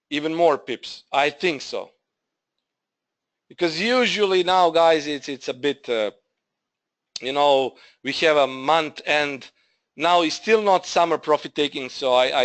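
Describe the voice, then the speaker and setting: Slow-talking man presenting a trading webinar. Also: a little high, fairly bright tone. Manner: halting, repeats himself, addresses viewers as "guys". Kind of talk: live trading webinar walkthrough.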